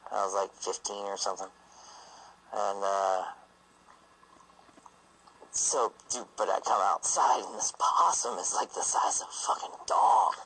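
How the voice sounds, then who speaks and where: A man's voice: on the low side, fairly even intonation, measured pace, pauses often, a bit bright, breathy edge, rough recording. A man telling a family story in a rambling, profane, loose way. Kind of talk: casual spoken storytelling.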